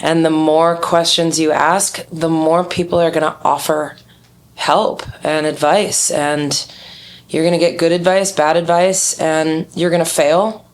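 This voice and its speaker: Interview guest, woman, lowish voice, candid and animated storyteller. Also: measured pace. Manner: candid, animated storyteller who acts out quotes. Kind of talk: casual interview chat.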